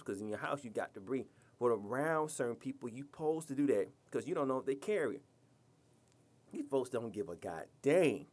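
Man, podcast host, blunt rant, profane, scolding, mid-pitched voice.

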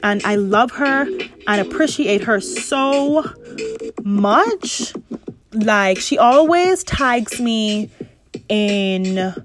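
A woman's voice: medium pitch, expressive, very slow, soft background music. A woman in her thirties hosting her own podcast, talking in a chatty, effusive way with lots of "like" fillers. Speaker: podcast host. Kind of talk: casual solo podcast monologue.

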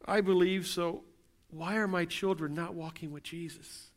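A middle-aged pastor's sermon builds through repeated rhetorical questions, delivered earnestly. His voice sits high, with fairly even intonation and a moderate pace.

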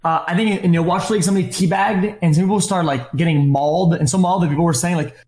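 A man in a casual podcast discussion, talking in an excitable, slangy way and saying "dude" a lot. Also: high voice, rapid-fire, reverberant.

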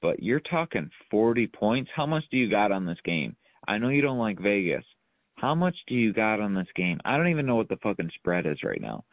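Male sports podcast co-host, lower voice, blunt and pumped, swears freely; phone-quality audio with audible hiss. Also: big pitch swings, brisk, no echo. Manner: blunt, hyped, swears often. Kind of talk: casual sports chat. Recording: tinny phone-like line with hiss.

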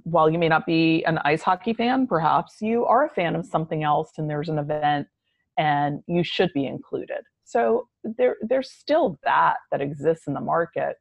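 A woman answering podcast questions in a measured, reflective way. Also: low voice, creaky, dry recording, dull audio. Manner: measured, reflective, slow delivery. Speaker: podcast guest. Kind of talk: conversational interview answers.

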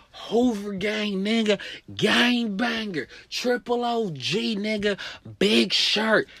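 A man shouting as a menacing street gangster. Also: high-pitched, gravelly, no room sound, pitched above the performer's own voice, exaggerated voice. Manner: shouting threats in a slow, heavy cadence. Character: menacing adult male street gang member, aggressive.

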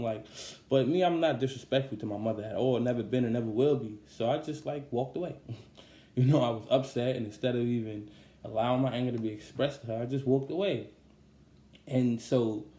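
Young man, songwriter, casual rambling storytelling, warm low-key tone, echoey room. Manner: rambling and candid, with many fillers. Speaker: songwriter telling the story behind a song. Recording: roomy echo.

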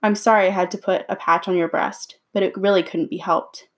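A woman's voice: mid-range voice, steady tone, a little fast, natural voice. Woman doing polite little wizard man, reassuring, storybook voice.

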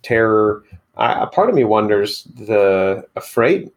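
A man with a fairly low voice, talking casually. He thinks out loud tentatively, asking one question after another. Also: very animated, unhurried. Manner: tentative, wondering aloud, asks questions. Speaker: podcast co-host. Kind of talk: casual conversation.

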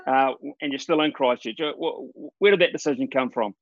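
A male podcast host asking an interview guest questions in a measured, appreciative way. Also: medium pitch, no room sound. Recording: dull, dry sound.

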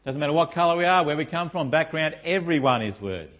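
A man's voice: on the high side, animated, fast talker, a bit bright. A middle-aged man preaching a sermon in a church, often asking the congregation rhetorical questions like "isn't it?". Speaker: pastor.

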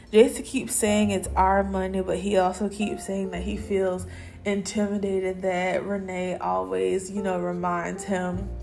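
Blunt woman podcaster with vocal fry. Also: medium pitch, a little mellow. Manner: candid, opinionated, slangy. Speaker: podcast host. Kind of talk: casual solo recap chat.

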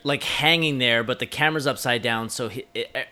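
An enthusiastic male podcast co-host with a bright, forward tone and a mid-range pitch. He chats casually and swears freely as he gushes about a film. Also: moderate pace. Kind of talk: casual chat.

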